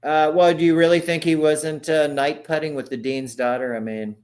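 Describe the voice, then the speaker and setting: A man's voice: on the high side, little pitch movement, moderate pace, a little mellow. Gen X man co-hosting a podcast, easygoing talk with dry one-liners. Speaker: podcast co-host. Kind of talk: casual chat.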